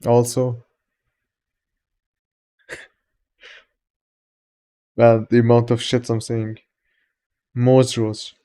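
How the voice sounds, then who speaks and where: A man's voice: medium pitch, flat delivery, drawn-out words, pauses often, mellow, clear, resonant tone. A man with a Persian accent, a native Farsi speaker, streaming live and casually greeting viewers by name, loose and joking with some swearing.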